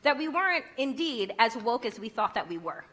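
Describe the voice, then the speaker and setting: A woman's voice: fairly high pitch, big pitch swings, brisk, a bit bright. A woman giving a conference keynote speech, emphatic and rhetorical, with wry humor. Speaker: keynote speaker.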